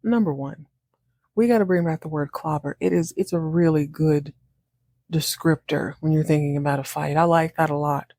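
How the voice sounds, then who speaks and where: A woman hosting a podcast, recapping a TV episode in an animated, chatty way, acting out the characters' lines and laughing often. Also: low-pitched, normal speed, no echo, studio quality. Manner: animated, acts out characters' lines in shifting voices. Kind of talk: casual recap monologue.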